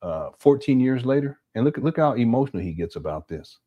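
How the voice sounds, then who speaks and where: A man's voice: medium pitch, big pitch swings, brisk, lo-fi sound. A man commenting on video clips, sounding exasperated and critical. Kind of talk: reaction commentary over clips.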